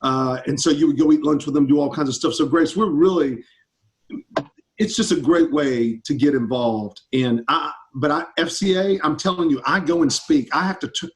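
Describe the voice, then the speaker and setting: A man's voice: a little high, normal speed. A man, a campus ministry pastor answering students' questions in an enthusiastic, upbeat casual chat over a video call.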